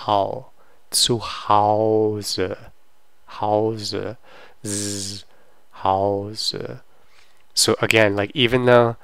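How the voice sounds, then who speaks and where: A man teaching a German pronunciation lesson, repeating words slowly to demonstrate them. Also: on the low side, a bit bright, smooth, no echo. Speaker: language teacher.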